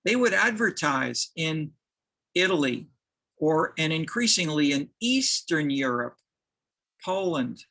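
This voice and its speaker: Man, university lecturer, gravelly, bright, halting with restarts. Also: on the high side, big pitch swings, low-quality recording. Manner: halting, many restarts and fillers.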